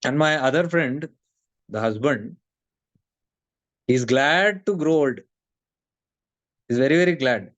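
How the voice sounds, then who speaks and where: Animated Indian man, close dry voice. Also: mid-range voice, slow, pauses often, dry recording, lo-fi sound. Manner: animated storyteller, acts out friends' voices, mixes Hindi into English. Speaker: spiritual teacher. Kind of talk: spiritual talk to an online audience.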